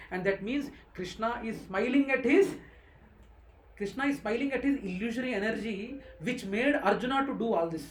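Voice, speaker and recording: A teacher leading an interactive scripture class, explaining patiently and often checking in with the listeners. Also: mid-range voice. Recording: echoey room.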